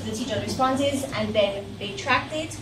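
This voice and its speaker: A woman student with a fairly high voice questions the lecturer in a skeptical way. She is picked up from across a roomy classroom. A steady noise sits under her voice. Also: normal speed. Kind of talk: classroom discussion. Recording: echoey room from far off.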